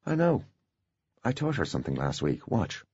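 A man voicing a young male genius who is coolly self-assured, speaking in a crisp, precise, clipped way. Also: fairly low pitch, wildly swooping pitch, normal speed, a little mellow, no room sound, full character voice. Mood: proud. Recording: dull, dry lo-fi recording.

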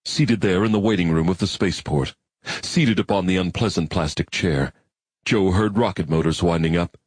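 Deep, husky male audiobook narrator. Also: no echo. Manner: measured, reflective reading.

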